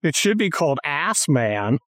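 A woman's voice: sits low, measured pace, no room sound. Woman ranting in casual chat, swoops all over, dry close sound. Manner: animated, profane, mocking impressions.

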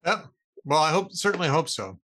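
A man hosting a talk show tells jokes in a casual, chatty way. His voice is fairly high for a man and swings widely in pitch as he acts out the characters' lines. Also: fairly quick, a little hiss or hum. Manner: lively storyteller who acts out the characters' lines. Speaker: radio talk show host. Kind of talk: casual chat, telling jokes.

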